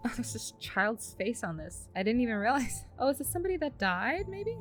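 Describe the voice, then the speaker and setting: A woman playing a story game, chatting casually and reading its second-person narration aloud in a hushed tone, with self-mocking asides. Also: mid-range voice, sing-song, normal speed, faint music behind. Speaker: let's play streamer.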